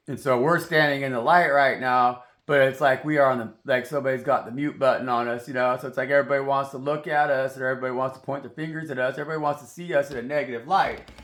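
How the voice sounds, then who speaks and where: A man's voice: mid-range voice, gravelly, fairly bright tone. A man giving a rambling, profane spiritual monologue as a tarot reader, preachy in tone. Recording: roomy echoey sound.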